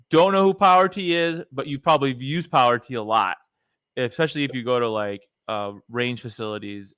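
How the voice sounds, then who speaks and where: Bright, crisp-voiced man hosting a podcast. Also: mid-range voice, dry recording, studio quality. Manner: chatty, laid-back, lots of fillers. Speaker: podcast host. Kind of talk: casual interview chat.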